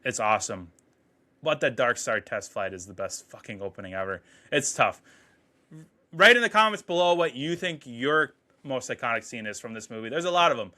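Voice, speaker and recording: Bright-voiced excited male movie reviewer. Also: medium pitch. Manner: excited, profane, quotes scenes in quick paraphrase. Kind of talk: casual enthusiastic movie review.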